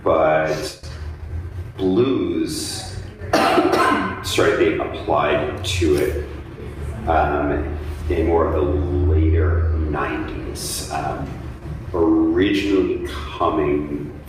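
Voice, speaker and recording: Deep voiced guy chatting in an interview, sounds far from the mic, faint hiss. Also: extremely slow, pauses often. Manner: thoughtful, many ums and you-knows, animated when joking. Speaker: interviewee, blues dance teacher. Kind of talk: casual conversational interview. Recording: echoey room, mic set at a distance, faint noise.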